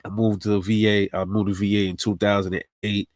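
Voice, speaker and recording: A man's voice: lowish voice, brisk, no room sound, clean studio sound. A man from New City, telling a personal story in a casual, streetwise, profane way. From New York City. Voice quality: streetwise, profane, animated retelling.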